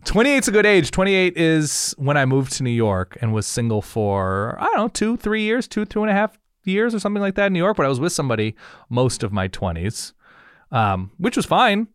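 A man in his thirties talks in a relaxed podcast chat, pressing his co-host with question after question. His pitch rises and falls a lot. The sound is close and dry, with no room echo. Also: smooth. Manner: probing, rapid-fire questions. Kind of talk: casual chat.

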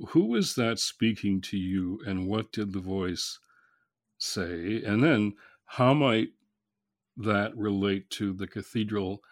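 A man, a reverend hosting an interview, asking questions in a measured, hesitant way with fillers. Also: on the low side, expressive, no echo, studio quality.

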